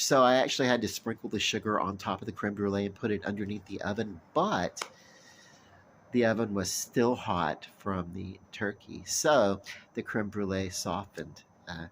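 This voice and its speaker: A man's voice: lowish voice, slight background noise. A man vlogging in a casual, rambling chat, full of fillers and restarts.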